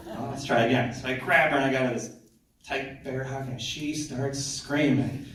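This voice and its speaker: A man performing a stand-up comedy set on a theater stage, conversational with deadpan punchlines. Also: mid-range voice, brisk. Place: theater stage, live audience. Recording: echoey hall from far off, audience noise.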